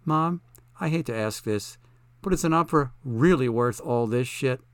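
A man's voice: mid-range voice, normal speed, smooth, no echo, lightly acted. A blunt, shaken young woman, voiced by a man, who speaks to her mother with frank irritation. The reading is in a mid-range voice, recorded dry and close. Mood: upset. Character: shaken young woman, the fortune teller's daughter.

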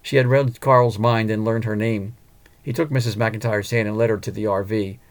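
A man narrating a storybook in a measured, even manner. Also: on the low side. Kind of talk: scripted audiobook narration.

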